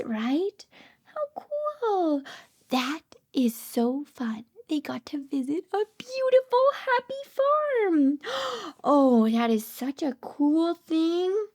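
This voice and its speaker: Very high, sing-song woman reading to toddlers. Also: sing-song, takes it slowly, a little mellow. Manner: sing-song, gasping with delight, dropping into whispers; coaxing, asks the child questions. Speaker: speech therapist. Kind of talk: toddler picture-book read-aloud.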